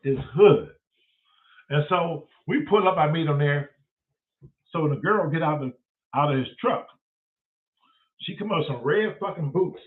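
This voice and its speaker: A man's voice: a little high, moderate pace, pauses often. A man from telling a comic story, cursing freely and acting out the other people's voices. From Detroit, USA. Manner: profane, animated, acts out voices of others. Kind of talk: comedic storytelling. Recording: tinny phone-like sound from a distance.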